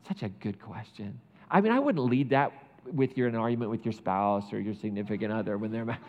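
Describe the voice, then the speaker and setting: A man preaching a sermon, retelling a Bible story with lively asides and playing out the characters' lines. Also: mid-range voice, moderate pace, in a large hall, highs cut off. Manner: animated storytelling, acts out biblical characters. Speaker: pastor.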